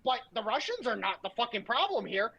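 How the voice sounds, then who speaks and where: A woman's voice: a little high, sing-song, fairly quick, vocal fry, fairly bright tone, slightly rough, dull audio. Profane, ranting woman. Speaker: podcast co-host. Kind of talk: heated political podcast rant.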